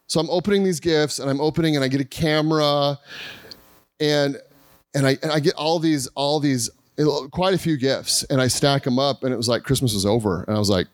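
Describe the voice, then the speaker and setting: A man preaching a Christmas Eve sermon, telling a lively personal story and acting out what people said. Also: mid-range voice, brisk, no echo. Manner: lively storytelling with acted-out quotes. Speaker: pastor. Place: church service.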